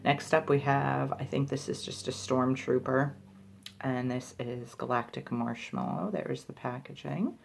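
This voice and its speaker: This beauty reviewer's voice is extremely low, steady and slightly rough, with vocal fry, and she takes her time. She tries lip balms on camera in a chatty product review vlog, thinking aloud and being self-deprecating.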